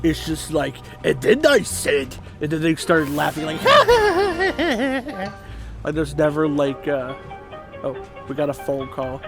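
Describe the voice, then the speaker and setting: Gamer host: young man in his twenties, slightly high voice, loose rambling commentary. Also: huge pitch swings, slow. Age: 20s. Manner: rambling, laughing, casual. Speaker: gaming YouTuber. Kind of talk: gameplay commentary. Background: game music.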